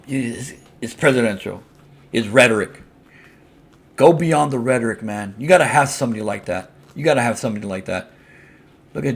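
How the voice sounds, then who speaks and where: A man rants in a gravelly voice, blunt and full of swearing. He hammers his points home by repeating them, in a plain, mid-pitched voice with a rough edge. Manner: blunt, profane, heated; repetitive, emphatic. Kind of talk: casual rant to the camera.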